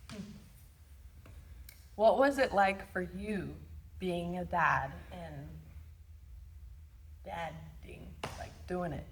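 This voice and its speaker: A woman's voice: on the low side, very slow, long pauses. A young woman chatting casually with her father, teasing and talkative. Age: young adult. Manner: chatty and teasing, often laughs. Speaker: co-host and daughter. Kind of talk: casual chat.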